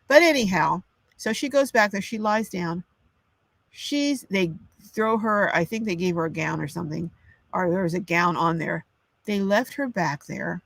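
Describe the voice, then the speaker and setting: An older woman hosts a casual livestream chat, ranting indignantly and reading viewer comments aloud. Her voice is medium in pitch, with no echo.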